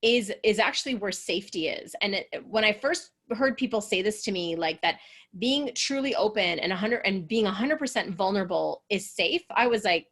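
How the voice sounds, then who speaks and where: A woman's voice: mid-range voice, expressive, moderate pace, a bit bright. A woman relationship coach leading an online coaching session, earnest and encouraging, sometimes acting out the voices of people she describes.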